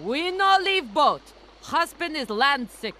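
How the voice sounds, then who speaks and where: An actress playing a blunt barge wife in a game, with a Russian accent and broken English. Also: female voice, high voice, big pitch swings, slow pace, sharp tone, a little hiss or hum, exaggerated voice. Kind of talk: game voice acting.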